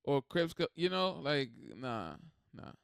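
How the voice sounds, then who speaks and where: A man hosting a reaction video, talking in a rambling, animated, swearing way. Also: a little high, slow, vocal fry, clean tone, no echo, studio quality. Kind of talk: casual reaction commentary.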